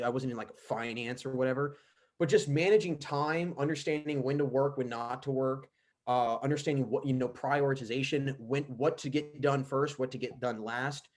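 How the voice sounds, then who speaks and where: Young male podcast guest, mid-range voice, loose rambling delivery full of fillers. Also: medium pitch. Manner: rambling, lots of "like" and restarts. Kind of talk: casual podcast chat.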